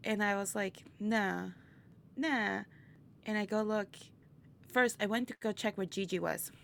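Gravelly-voiced woman telling a lively story. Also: mid-range voice, measured pace, a little hiss or hum. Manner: animated, laughs often, acts out quotes. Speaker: interview guest, burlesque performer. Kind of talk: casual storytelling chat.

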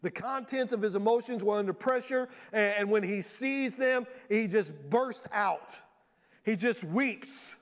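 A man preaching a sermon from a church stage in a lively storytelling way, often acting out the voices of the people he quotes. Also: high voice, unhurried. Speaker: pastor. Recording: long reverb of a large hall.

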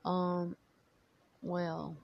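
A woman's voice: on the low side, little pitch movement, extremely slow, vocal fry. A woman hosting her own podcast, talking candidly and emotionally in a rambling, casual way with many fillers. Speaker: podcast host. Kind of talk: casual personal talk. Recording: dull lo-fi sound, faint noise.

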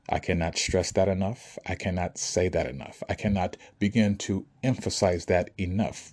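In a low-pitched, darkish voice at normal speed, a man delivers an emphatic motivational monologue to his audience. He's a spiritual speaker with a preachy manner who often asks if they understand.

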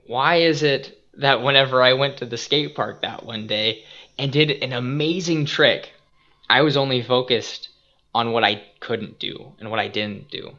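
A young man hosting a casual podcast, retelling a Bible story in an animated, earnest and reflective way, on a dull lo-fi recording. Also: mid-range voice, measured pace. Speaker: podcast host and youth skate minister.

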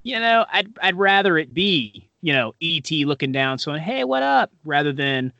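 A man's voice: on the high side, normal speed, sharp tone, no echo, muffled recording. A man co-hosting a podcast in casual, rambling chat, full of fillers and self-deprecating asides. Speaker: podcast co-host.

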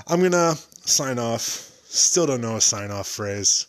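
A young American man hosts a solo podcast, rambling and making self-deprecating jokes. His voice is medium-pitched, animated, and fairly bright, moving at a normal speed with hardly any pauses.

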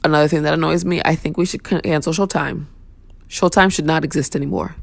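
Blunt, sassy woman ranting, gravelly low voice. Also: steady tone, fast, no room sound. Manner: blunt, sassy, profane venting. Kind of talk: casual opinion rant.

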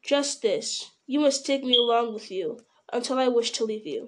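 A woman voicing a grim, watchful male ranger in an audiobook, speaking in a measured, sometimes sharp way. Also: fairly high pitch, animated, close to an everyday voice. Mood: sly. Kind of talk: audiobook character reading.

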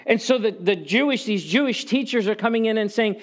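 A man's voice: high-pitched, brisk, few pauses. A man preaching a sermon in a conversational way, telling personal stories with humor and repeating key phrases for emphasis. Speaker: pastor.

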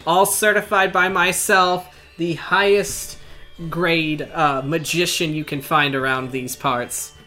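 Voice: mid-range voice, fairly even intonation, takes it slowly, sharp tone, faint music behind. A game master voicing a sleazy undead male junk-shop merchant in a Brooklyn accent, hawking his wares. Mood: boastful. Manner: boastful, hawking sales patter.

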